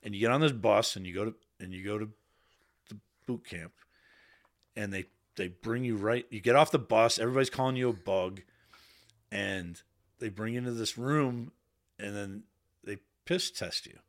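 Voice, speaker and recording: Male podcast guest, lowish voice, candid and salty storyteller. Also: normal speed. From Boston area. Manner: candid, swears freely, quotes himself in raised voice. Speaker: podcast guest, Navy veteran. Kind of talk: casual storytelling. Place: podcast studio.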